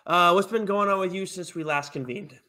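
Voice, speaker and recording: A man co-hosting a podcast in casual chat, relaxed and swearing freely. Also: sits high, fairly quick. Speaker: podcast co-host.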